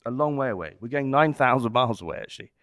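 A man explaining wine in a relaxed, descriptive way during a casual podcast chat. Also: mid-range voice, racing. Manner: expansive, descriptive about wine. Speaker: wine expert guest.

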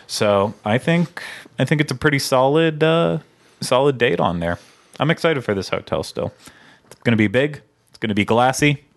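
A man's voice: medium pitch, animated, normal speed, gravelly. A man hosting a casual podcast, running through news with plenty of fillers. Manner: rambling news rundown with fillers. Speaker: podcast host. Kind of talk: casual chat.

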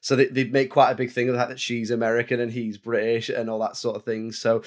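A man's voice: mid-range voice, little pitch movement, fast talker. A man hosting a podcast, chatting casually about films, often repeating words as he gathers his thoughts. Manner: chatty, repeats words while searching for them. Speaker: podcast host.

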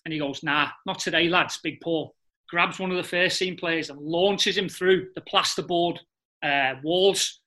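A middle-aged man, a former footballer telling lively anecdotes in a casual interview and often laughing. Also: fairly high pitch, a little slow. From England.

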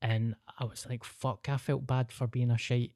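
A man's voice: medium pitch, little pitch movement, normal speed, mellow, no room sound. Man, glaswegian accent, podcast host, casual storytelling, swears a lot, dry recording. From Scotland. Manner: swears freely, laughs through the story.

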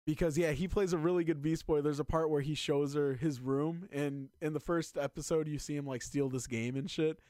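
A man chatting casually as a podcast host, excitedly rambling with lots of filler words. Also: fairly high pitch, a little fast, few pauses, no echo, clean studio sound. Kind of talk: casual chat.

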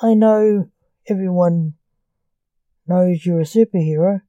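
A man's voice: high-pitched, slow pace, dry recording. A woman reading a curt menacing male blackmailer. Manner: curt, snapping, dark.

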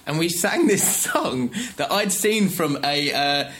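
A man's voice: on the high side, slow. A man, telling stories in a casual podcast chat and laughing as he goes. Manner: animated, laughs through his anecdotes. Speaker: podcast co-host.

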